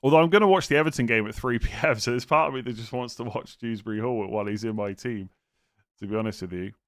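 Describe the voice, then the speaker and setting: A man's voice: mid-range voice, fast, clear, resonant tone. Man musing aloud on a live stream. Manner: thinks aloud, hesitant, with restarts and exasperated asides. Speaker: fantasy football streamer answering chat. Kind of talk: casual live-stream chat.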